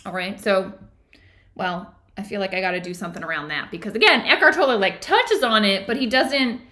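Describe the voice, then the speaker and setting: A woman's voice: mid-range voice, expressive, brisk, sharp tone. A woman hosting a book club and teaching yoga therapy, talking casually and earnestly, asking her listeners questions as she explains the book. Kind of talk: casual book discussion with read-aloud passages.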